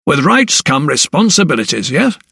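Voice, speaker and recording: A man voicing a scornful, ruthless gentleman lawyer in an audiobook, speaking slowly and mockingly. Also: fairly high pitch, sing-song, creaky, breathy edge, no room sound, studio quality, far from the mic, voice pushed up, exaggerated voice. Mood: sneering. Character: sneering, ruthless male lawyer, older gentleman.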